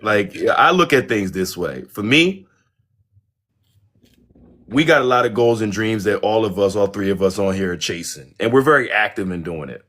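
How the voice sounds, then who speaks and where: A man co-hosts a casual group chat. He speaks in a calm, easygoing way and reflects on his points. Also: lowish voice, normal speed.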